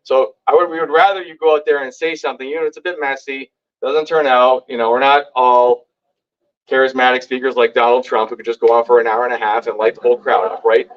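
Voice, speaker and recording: A man telling stories to a live audience at a community meeting, lively and acting out what others said. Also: quick pace, dull audio. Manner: lively, acts out quoted lines with big pitch jumps. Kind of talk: animated storytelling to a live audience. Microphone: hand-held microphone.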